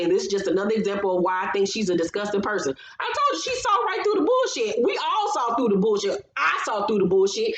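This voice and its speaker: A woman recapping a reality TV episode in a blunt, sassy, heavily profane casual style. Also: medium pitch. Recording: roomy, slightly dull recording.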